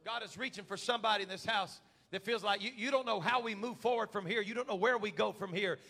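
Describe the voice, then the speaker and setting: Bright-voiced pastor preaching a sermon. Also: male voice, high voice, quick pace, husky. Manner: preaching with rising shouted fervor. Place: church sanctuary.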